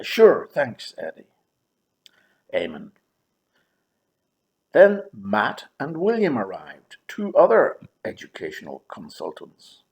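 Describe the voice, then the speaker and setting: Slow, wry older man telling a story. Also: lowish voice, a little mellow. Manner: wry, dryly humorous, with pauses and drawn-out words. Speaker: memoir narrator. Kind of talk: reflective first-person storytelling.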